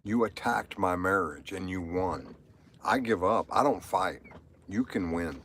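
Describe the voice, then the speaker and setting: A man's voice: sits low, lively intonation, a little slow, fairly bright tone, slight background noise. Rambling man on a live stream. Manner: rambling, repetitive, emotional. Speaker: livestreamer. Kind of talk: live stream monologue, reading chat.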